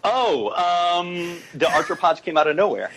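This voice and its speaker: A man guest, a director and writer, talking casually on a podcast with many pauses and fillers. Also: high voice, lively intonation, a bit bright, poor audio. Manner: hesitant, many fillers, chuckles at his own stories.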